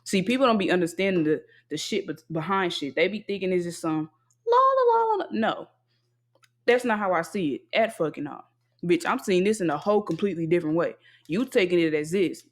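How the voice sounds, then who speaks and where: A young adult podcast host venting alone in a casual monologue, blunt and heavily profane, hammering home flat refusals. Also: medium pitch, a little fast.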